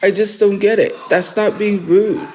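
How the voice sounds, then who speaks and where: A man with a high-pitched voice talks casually on his livestream. He rambles and sounds defensive, often stopping to restart a sentence. A faint hum sits behind him. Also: steady tone, a little slow, darkish tone, poor audio.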